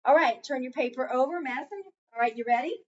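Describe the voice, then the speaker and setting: A woman's voice: high-pitched, quick pace. A woman teacher leading a phonics lesson in a classroom, patiently prompting her students with fill-in-the-blank questions. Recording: muffled, distant classroom recording.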